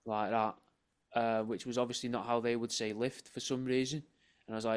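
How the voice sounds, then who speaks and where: A man, co-hosting a podcast and spinning absurd theories in a deadpan, casual way. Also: medium pitch, fairly quick, background noise. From England. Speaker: podcast co-host. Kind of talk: casual chat.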